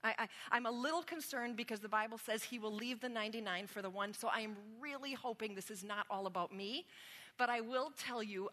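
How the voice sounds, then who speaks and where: A woman's voice: medium pitch, pushed and bright. A woman pastor giving a sermon to her congregation, telling stories about herself with a conversational, self-deprecating manner. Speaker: spiritual formation pastor. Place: church sanctuary. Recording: long reverb of a large hall.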